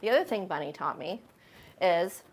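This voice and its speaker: A woman's voice: lowish voice, lively intonation, normal speed, very noisy. Chatty woman giving a house tour. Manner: chatty and friendly, with frequent fillers. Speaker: homeowner giving a home tour. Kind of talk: casual home tour chat.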